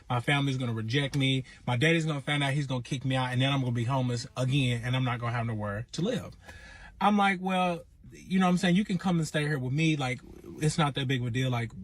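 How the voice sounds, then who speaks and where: A man telling his own relationship story in casual, animated storytime style, acting out quotes. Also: medium pitch, quick pace. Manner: animated, acts out quotes in raised voice.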